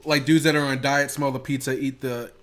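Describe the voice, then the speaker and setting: A man in a relaxed podcast conversation, co-hosting with an excitable, jokey delivery. He laughs often and swears casually as he talks. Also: medium pitch, a little fast. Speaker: podcast co-host. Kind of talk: casual chat.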